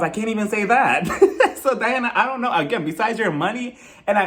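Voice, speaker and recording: A man talking through a reality show episode in a casual monologue, his voice a little high and swooping widely as he goes. He keeps slipping into exaggerated impressions of the cast members as he retells their arguments. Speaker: reality TV recap host.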